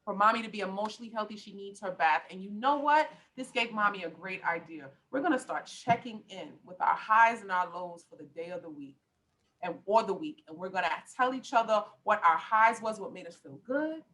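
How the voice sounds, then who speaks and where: A woman's voice: medium pitch, expressive, brisk, fairly bright tone, rough recording. A middle-aged woman life coach talking on a podcast, passionate and emphatic, with lots of preacher-like repetition. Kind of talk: podcast conversation.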